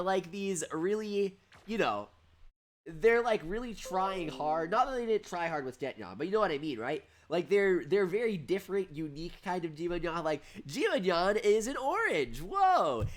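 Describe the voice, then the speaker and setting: A man hosting a livestream, giving excitable, chatty commentary on a mobile game while reading out viewer questions. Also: high-pitched. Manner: excitable, animated and chatty, often breaking into laughter. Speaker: streamer and host. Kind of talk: live gameplay commentary reading chat.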